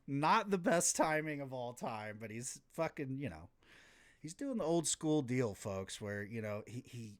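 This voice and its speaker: Male podcast host, sarcastic wrestling recap, swears a lot, rambles, mid-pitched voice. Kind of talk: casual wrestling recap, profane.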